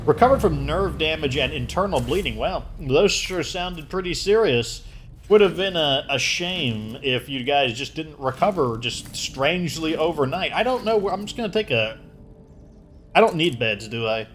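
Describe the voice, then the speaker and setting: A man's voice: on the high side, animated, normal speed, a bit bright, a little hiss or hum. A man giving casual, joking commentary as he plays a video game, thinking aloud. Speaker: gaming channel host.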